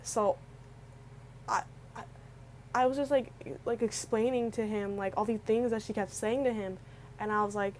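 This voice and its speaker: This young vlogger sounds close to crying as she rambles through a personal story, restarting often and leaning on filler words. Her voice is a little high and a little mellow, at a moderate pace, on a low-quality recording with slight background noise.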